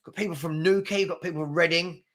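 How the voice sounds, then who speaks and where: Fast-talking London man hosting a stream. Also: on the high side, steady tone, fairly bright tone. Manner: fast-talking, chatty, reads out names and places. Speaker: football chat host. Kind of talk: live-stream casual chat reading viewer comments.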